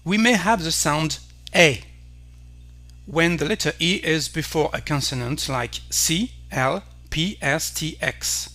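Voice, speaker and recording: A man with a French accent, a native French speaker, teaching pronunciation carefully and repeating each word slowly. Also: on the high side, sharp tone. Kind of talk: slow pronunciation lesson.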